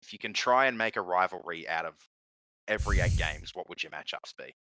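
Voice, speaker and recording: A man's voice: sits low, animated, brisk, pushed and bright, dry recording, rough recording. A man co-hosting a casual sports podcast, teasing and blunt in a wry way. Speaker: podcast co-host. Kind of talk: casual sports chat while watching a game.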